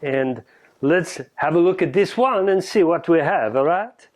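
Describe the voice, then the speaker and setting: A man's voice: fairly high pitch, animated, a little slow, a little mellow. A man playing a hammy French chef. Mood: theatrical. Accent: French mixed with Australian. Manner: theatrical, tags lines with "huh?" and "all right?". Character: excitable theatrical French home chef, male, middle-aged. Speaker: cooking show host. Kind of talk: comic cooking lesson.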